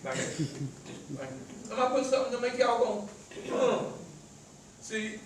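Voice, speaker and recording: Country-accent guy preaching motivation, stutters a lot, high voice, big echoey hall sound, faint hiss. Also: big pitch swings, brisk. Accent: rural American country accent. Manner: stutters and stammers, repeats words, preachy. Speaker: motivational speaker. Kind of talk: motivational talk to a live audience. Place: echoey event room with an audience. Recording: very echoey room, voice far from mic.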